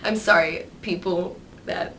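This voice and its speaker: A woman vlogging candidly, rambling and swearing freely, turning lively when she mimics others. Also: on the low side, a little slow, a little hiss or hum, rough recording. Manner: animated, mimics voices in quotes. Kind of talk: candid personal vlog.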